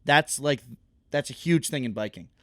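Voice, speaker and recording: A young man co-hosting a podcast, telling stories in animated casual chat and laughing often. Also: mid-range voice, normal speed, no room sound, studio quality. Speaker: podcast co-host.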